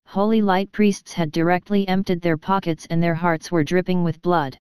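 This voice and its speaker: A woman narrating an audiobook in a steady, even storytelling manner. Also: lowish voice, normal speed, hardly any pauses, clear, resonant tone, dry recording. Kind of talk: scripted narration.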